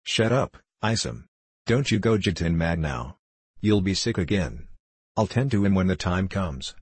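A man voicing a tall young mountain man with an Appalachian accent, speaking roughly but kindly to his younger brother. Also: low voice, animated, dry recording, exaggerated voice. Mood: soothing. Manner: rough, firm, slow-spoken.

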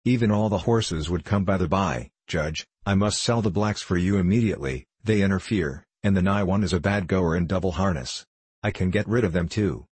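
A man voicing a loud, blustering, joking sleigh driver in a storybook reading. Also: deep voice, normal speed, husky, dry recording. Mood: boisterous.

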